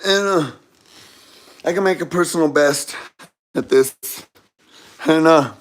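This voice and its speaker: A man's voice: a little high, takes it slowly. A man telling a comedic story in a rambling way, mixing up names and correcting himself as he goes.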